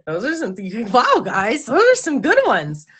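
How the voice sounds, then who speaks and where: Bright-voiced chatty woman hosting a live stream. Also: on the high side, wildly swooping pitch, slow, husky. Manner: chatty, giggly, stumbles over words. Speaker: host. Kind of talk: live-stream talk show, reading viewer comments.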